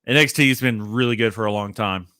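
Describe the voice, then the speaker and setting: Animated man hosting a casual livestream. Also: on the low side, quick pace, dry recording, clean studio sound. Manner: rambling, animated, swearing, laughing at himself. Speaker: livestream host.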